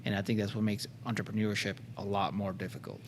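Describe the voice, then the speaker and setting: A man's voice: lowish voice, flat delivery, fast, long reverb tail, a little hiss or hum. A man hosting a podcast, talking in a reflective way, often stopping and restarting. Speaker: podcast host.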